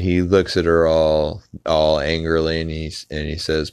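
A man's voice: sits low, level tone, unhurried, few pauses, clear, resonant tone, dry recording, studio quality. A man hosting a podcast, casually recapping a cartoon episode with lots of fillers and restarts. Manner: rambling with many filler "uh"s. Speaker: podcast host.

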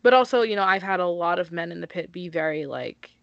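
A woman's voice: lowish voice, expressive, fast, creaky, a bit bright, no echo, highs cut off. A woman co-hosting a podcast, talking in a blunt, emphatic way and swearing freely. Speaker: podcast co-host. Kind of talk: casual chat.

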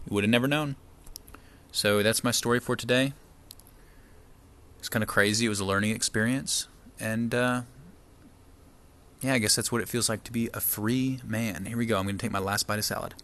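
Low-voiced man telling a story. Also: normal speed, pauses often. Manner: chatty, relaxed, acts out quoted people. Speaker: vlogger eating on camera. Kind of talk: casual storytelling to camera.

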